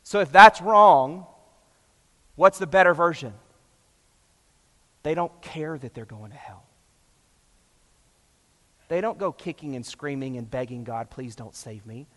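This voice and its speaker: A man preaching a sermon, passionate and emphatic, swinging between loud and hushed. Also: a little high, measured pace, pauses often, long reverb tail. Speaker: pastor.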